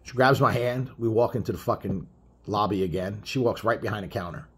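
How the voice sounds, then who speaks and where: A man's voice: lowish voice, fairly quick, husky. A middle-aged man telling a road story in a blunt, profane, rambling way, full of fillers. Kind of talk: casual spoken storytelling.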